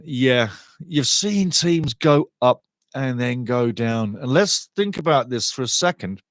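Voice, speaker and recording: A middle-aged man hosting a live match watchalong, commentating on play and chatting with viewers in a lively, excitable way. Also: slow pace, dry recording, studio quality. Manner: excitable, chatty, rises in pitch and volume on attacking play. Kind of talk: live fan commentary with chat reading.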